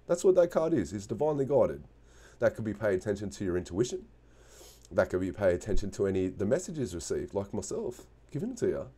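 A man's voice: on the low side, very animated, brisk, dark tone, breathy edge. A man giving a casual spoken tarot reading, earnest and encouraging, repeating himself and restarting phrases. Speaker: tarot reader.

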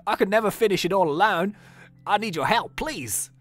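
A man's voice: high voice, lively intonation, moderate pace, a bit bright, dry recording, soft background music, pitched above the performer's own voice. A man voicing a frazzled, overworked male postman in an attempted Australian accent, as an exaggerated put-on impression. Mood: pleading.

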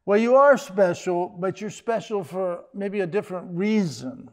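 An older man, a pastor, preaching a sermon in a conversational way with joking asides and quick restarts. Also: high-pitched.

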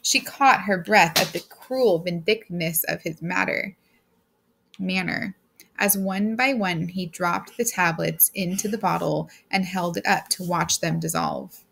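A woman reading a short story aloud as a steady, plain narrator. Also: on the low side, measured pace, gravelly, husky. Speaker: audiobook reader. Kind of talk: scripted narration.

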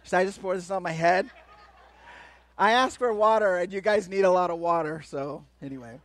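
A man giving a lively, playful sermon as a guest speaker, joking with the crowd and swinging between loud and soft. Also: sits high, normal speed, no echo. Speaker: guest speaker at a church kids' event. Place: church hall.

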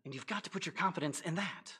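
A man's voice: fairly high pitch, quick pace, pushed and bright, husky. A male pastor preaching a sermon in a church, talking to the congregation in a conversational way with rhetorical questions and playful asides.

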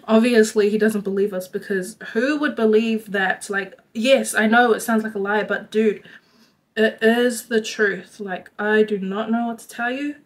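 A young adult woman telling a story to her vlog audience in a chatty, animated way, filling her talk with "like.". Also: medium pitch, measured pace. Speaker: vlogger. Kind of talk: casual storytime.

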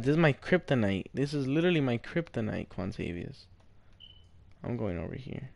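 A man's voice: medium pitch, expressive, moderate pace, creaky, dry recording, lo-fi sound. A young man in game voice chat, telling mock-serious tall tales and playfully trolling a stranger while he plays, stretching out the other player's name. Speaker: gamer.

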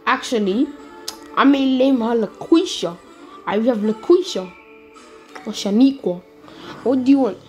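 A woman's voice: mid-range voice, darkish tone. A woman casually telling her own fan story, rambling and swearing as she goes. She keeps breaking off to restart her sentences. Faint music plays under her voice. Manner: profane, rambling, self-interrupting.

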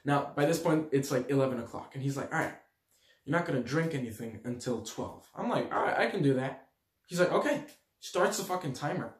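A young man from Switzerland telling a story to his audience in a slangy, animated way, acting out the quotes loudly. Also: mid-range voice, fairly quick. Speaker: vlogger. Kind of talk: storytelling to camera. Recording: echoey room.

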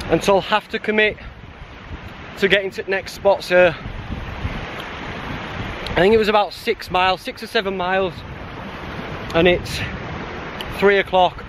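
A man's voice: high voice, noisy background. A middle-aged man vlogging a solo hike, chatting casually to camera with jokes and frequent laughs, outdoors and then inside a bothy. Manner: chatty, jokey, laughs often. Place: outdoors on a hiking trail, later inside a bothy.

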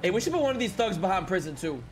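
A man's voice: high-pitched, very animated, very fast, a little hiss or hum. A man role-playing a police officer in a game, repeating short, clipped commands over and over. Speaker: streamer playing a cop.

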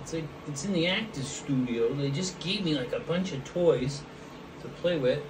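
A man chats while painting pots for his vlog, goofy and rambling, talking directly to the people watching. The mic is distant and there's background noise; his voice is on the high side, animated, and moderately paced.

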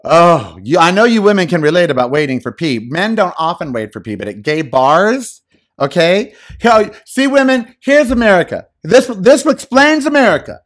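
Male podcast host, fairly high voice, animated and dramatic, casual solo monologue at a home mic. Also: moderate pace. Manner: animated, theatrical, exclamatory. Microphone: studio microphone.

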